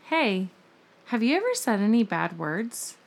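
A woman in her thirties co-hosting a casual podcast, telling family stories in a lively way and acting out quotes. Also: fairly high pitch, a little slow, vocal fry. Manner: lively storyteller, acts out quotes. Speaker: podcast co-host. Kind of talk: casual chat, storytelling.

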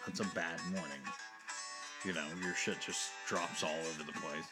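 A man's voice: low-pitched, steady tone, normal speed, loud music behind the voice. A man co-hosting a casual podcast from a home basement studio. He rambles, laughs often and repeats himself. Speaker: podcast co-host.

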